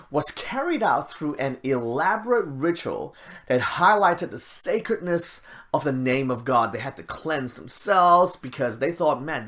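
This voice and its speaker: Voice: medium pitch, fairly bright tone. A preacher teaching a sermon, reading scripture aloud and explaining it in a conversational way.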